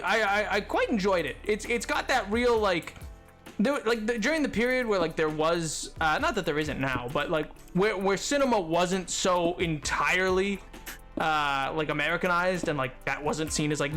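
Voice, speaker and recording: A man with a high, slightly bright voice chats casually while live-streaming a game. He rambles off on tangents and often breaks into laughter.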